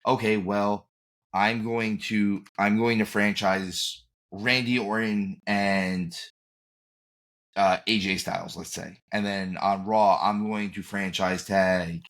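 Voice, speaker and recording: A man co-hosting a podcast, easygoing and thinking out loud with lots of fillers. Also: on the low side, steady tone, takes it slowly. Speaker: podcast co-host. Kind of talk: casual chat.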